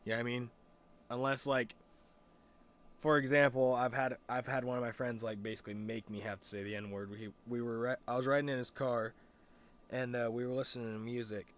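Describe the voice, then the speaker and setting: A man's voice: mid-range voice, level tone, brisk. A young man streaming and chatting casually, rambling with lots of fillers, restarts and swearing. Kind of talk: casual chat.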